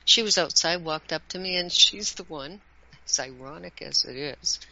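Bright-voiced woman telling a story. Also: sits low, normal speed, vocal fry. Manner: animated storytelling with laughs. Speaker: art teacher. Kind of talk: casual conversation. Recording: dull lo-fi sound.

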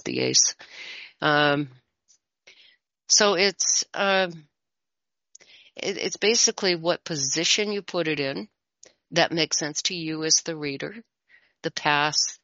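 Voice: medium pitch, pushed and bright, dry recording, dull audio. A tarot reader talking as a guest in a casual conversation, rambling a little and chuckling often.

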